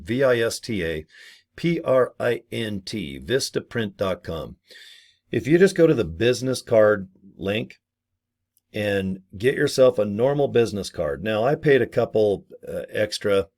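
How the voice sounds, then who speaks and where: Joking, rambling man with a low voice. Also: sing-song, measured pace, a little mellow. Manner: rambling, jokey, acts out little scenes with laughs. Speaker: network marketer. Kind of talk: casual talking-head video.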